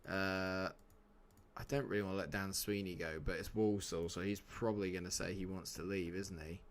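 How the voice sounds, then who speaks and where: A man's voice: deep voice, steady tone, moderate pace, a little hiss or hum. A man, chatting casually and joking with viewers while streaming a game. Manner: chatty, jokey, answers chat by name. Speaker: live-streamer. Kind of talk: casual live-stream chat.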